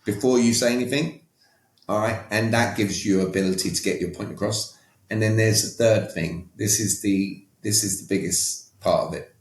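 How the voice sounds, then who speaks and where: A man's voice: lowish voice, steady tone, moderate pace. Emphatic British man, roomy sound. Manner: emphatic, direct, tags points with "all right?". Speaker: guest, communication coach. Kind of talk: casual interview talk. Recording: roomy echo.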